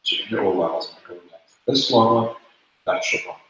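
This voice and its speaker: A man's voice: lowish voice, brisk, gravelly, sharp tone. A man teaching a classroom lesson, explaining rules step by step and repeating the key points. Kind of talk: classroom lecture. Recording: echoey room, dull lo-fi sound.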